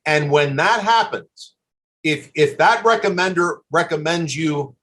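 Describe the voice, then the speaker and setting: Older American man, slightly high voice, earnest, repetitive speaker in a webinar. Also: a little slow, fairly bright tone. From USA. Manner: earnest advice with frequent restarts and repeated words. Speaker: admissions consultant giving a webinar. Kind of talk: live webinar talk.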